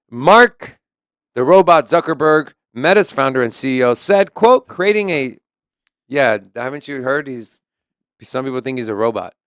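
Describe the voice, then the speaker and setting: Smooth-voiced man co-hosting crypto news. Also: medium pitch, lively intonation, a little slow, no echo, clean studio sound. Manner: reads news articles aloud and comments on them. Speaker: co-host. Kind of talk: casual crypto news chat.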